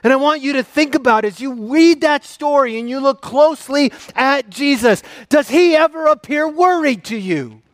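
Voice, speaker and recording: A man preaching a sermon as a pastor, swinging between loud, raised questions and soft, low passages. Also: expressive, normal speed, few pauses, no room sound, clean studio sound.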